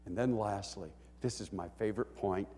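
A middle-aged man preaching a sermon, animated and emotional, swinging from hushed lines to shouts with joking asides. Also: lowish voice, moderate pace, slight background noise. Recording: echoey church hall.

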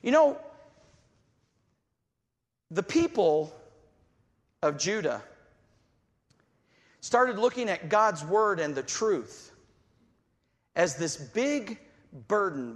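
A man's voice: sits high, very animated, extremely slow, long pauses, big-room sound. A man preaching a sermon, reading scripture aloud and acting out the voices he quotes with fervor.

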